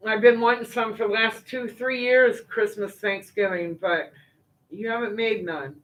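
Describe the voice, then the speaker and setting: Older woman, livestream host, loose folksy chat, lots of fillers and asides, mid-pitched voice. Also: fairly even intonation, unhurried, a bit bright, poor audio. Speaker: livestream host reading viewer comments. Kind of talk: casual chat.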